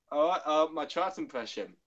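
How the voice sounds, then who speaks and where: An excitable man co-hosts a casual livestream, rambling and restarting his sentences as he goes. His slightly high voice leaps around with lively energy. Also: lo-fi sound. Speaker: livestream co-host.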